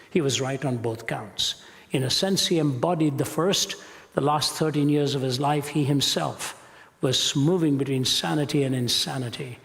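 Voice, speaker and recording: A man in his sixties preaching a sermon in a measured, rhetorical style, reading long quoted passages dramatically. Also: mid-range voice. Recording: echoey hall with long reverb.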